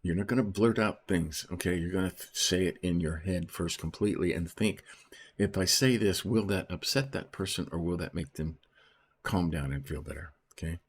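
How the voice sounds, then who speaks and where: A man's voice: low voice, normal speed, slight background noise. A man reading Bible verses aloud and explaining them in a casual teaching manner, often checking in with "right?" and "okay?". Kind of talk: informal Bible study commentary.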